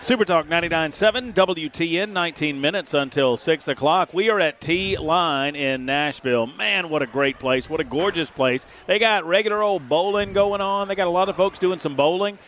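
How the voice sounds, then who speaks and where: A man hosting live talk radio, emphatic and argumentative but quick to laugh, broadcasting from a remote venue. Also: a little high, a bit bright, slight background noise.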